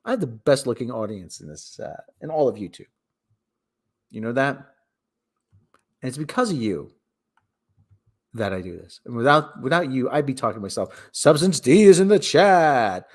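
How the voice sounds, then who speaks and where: A man's voice: mid-range voice, big pitch swings, moderate pace, pauses often, breathy edge. A man hosting a casual solo livestream, rambling and cutting himself off, with mock radio-announcer asides. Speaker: livestream host.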